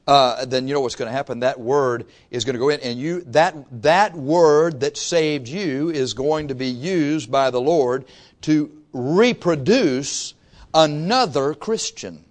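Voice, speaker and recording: A pastor preaching to his congregation, swinging from loud rises to soft asides. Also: medium pitch, measured pace. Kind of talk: sermon. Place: church before a congregation.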